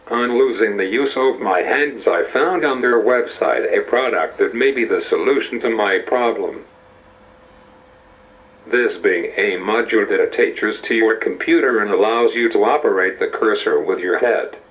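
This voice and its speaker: A man narrating through a text-to-speech voice with an American accent, slow, even and measured. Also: fairly low pitch, poor audio. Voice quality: synthetic computer voice.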